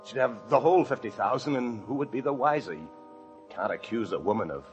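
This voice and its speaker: A man's voice: low voice, lively intonation, moderate pace. An actor playing a frightened fugitive hiding in an attic, narrating his story in tense, breathless 1940s radio drama style. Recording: muffled old radio recording with music.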